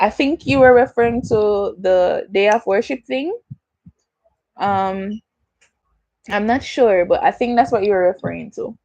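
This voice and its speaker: A woman's voice: medium pitch, measured pace, long pauses, a little mellow, no echo, highs cut off. Chatty young Jamaican woman, dry sound. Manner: chatty, slips into patois, answers viewer comments. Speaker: YouTuber hosting a livestream Q&A. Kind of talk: casual livestream chat.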